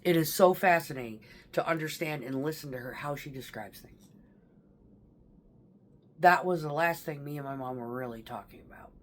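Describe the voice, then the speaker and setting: A woman's voice: sits low, normal speed. A woman talking casually to camera about her stepfather's last days, rambling and emotional, with casual swearing. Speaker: vlogger. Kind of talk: casual personal storytelling.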